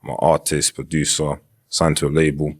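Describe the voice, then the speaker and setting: A man in his thirties with a very deep, low voice talks as a dating show contestant. He stretches out his stories with heavy drama. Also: completely flat delivery. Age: 30s. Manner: drawn-out, dramatic storytelling.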